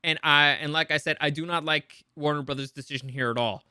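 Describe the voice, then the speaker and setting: A man's voice: fairly high pitch, fairly even intonation, a little fast, bright, forceful tone, clear, resonant tone, no room sound, studio quality. A man hosting a casual entertainment news show, rambling with many restarts and opinionated asides.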